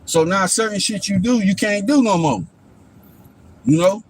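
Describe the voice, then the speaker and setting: High-voiced man ranting on a livestream. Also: normal speed, husky. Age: adult father. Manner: profane, preachy, keeps asking "you know what I'm saying". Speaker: livestream host. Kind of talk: rambling casual monologue.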